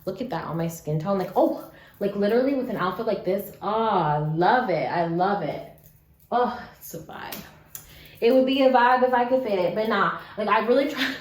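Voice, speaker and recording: At a moderate pace and mid-range pitch, a young woman unboxes beads at home in a casual vlog. She's upset yet tries to stay cheerful, swinging between sad and excited moments, and chats with many "likes" and occasional swearing. The room sounds echoey, with faint background noise.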